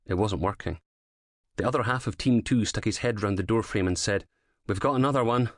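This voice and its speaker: Low-voiced male audiobook narrator. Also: dry recording, studio quality. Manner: measured, dramatic storytelling. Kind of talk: scripted narration of a crime thriller.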